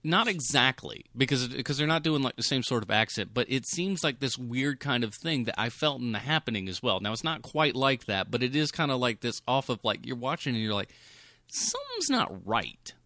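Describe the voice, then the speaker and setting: A man co-hosting a podcast, chatting casually about a film in an animated, exasperated way, with some swearing. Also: mid-range voice, fairly quick, few pauses, no room sound, studio quality. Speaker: podcast co-host. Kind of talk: casual movie review chat.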